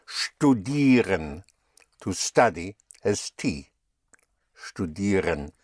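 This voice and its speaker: Slow, patient male German teacher. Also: on the low side, lively intonation, no echo, clean studio sound. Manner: patient, spells out words and repeats them. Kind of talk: slow language lesson.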